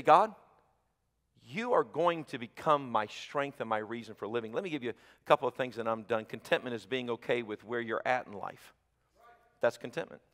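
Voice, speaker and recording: A man preaching a sermon as pastor, moving between quiet, intimate passages and loud, emphatic ones. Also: mid-range voice, long reverb tail. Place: church sanctuary.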